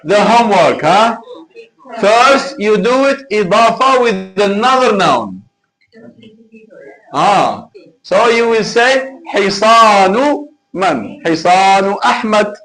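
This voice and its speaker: A man's voice: sits high, animated, slow pace, a bit bright, low-quality recording. A man teaching an Arabic class live online, patient and repetitive as he drills examples.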